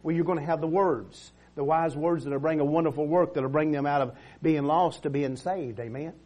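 Fervent preaching man, fairly high voice. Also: normal speed, darkish tone. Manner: preaching with call-and-response, frequent amens and restarts. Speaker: pastor. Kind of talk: sermon.

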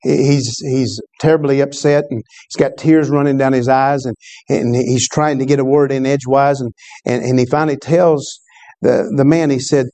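A male preacher tells a story from the pulpit. His tone is mellow and warm, and his pitch sits in an ordinary middle range. He speaks conversationally and breaks off now and then to ask the congregation a question. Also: steady tone, normal speed. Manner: storytelling preacher, conversational with call-and-response asides. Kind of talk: sermon.

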